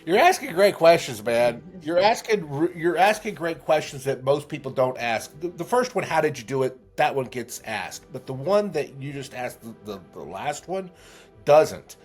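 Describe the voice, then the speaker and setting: A man's voice: fairly high pitch, very animated, normal speed, faint music behind. A man telling a heartfelt story as a podcast guest, earnest, with many restarts. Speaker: guest, memory trainer.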